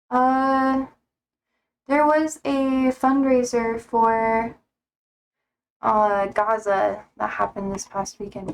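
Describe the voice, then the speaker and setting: Young woman, streamer, casual live chat, rambling, filler-heavy, self-interrupting, higher pitch. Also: vocal fry, low-quality recording.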